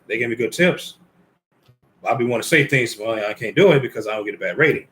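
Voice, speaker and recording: A man's voice: mid-range voice, animated, fast, a bit bright, a little hiss or hum. A man giving informal Bible teaching, reading scripture aloud and commenting conversationally while speaking directly to the brothers and ladies listening.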